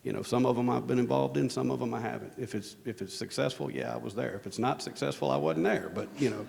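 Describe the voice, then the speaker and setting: Man, gravelly low voice, rambling self-deprecating storyteller, big-hall echo. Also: fast, a little mellow. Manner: rambling, self-deprecating, lots of restarts and "you know". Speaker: conference speaker, operations executive. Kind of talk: casual storytelling on stage. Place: conference hall stage under bright lights. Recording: echoey conference hall.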